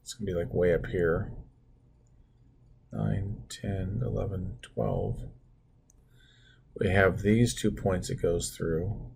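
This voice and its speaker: A man's voice: sits low, steady tone, takes it slowly, vocal fry, pauses often, darkish tone, a little hiss or hum. A man teaching math as he draws on a computer screen, talking through each step with self-deprecating asides. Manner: talks through steps while drawing, self-deprecating asides. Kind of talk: screen-recorded math lesson.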